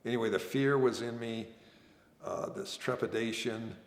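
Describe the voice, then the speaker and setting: A man telling his own story as a veteran, earnest and halting, often restarting his sentences. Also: medium pitch, steady tone. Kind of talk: oral history storytelling. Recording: echoey room with long reverb.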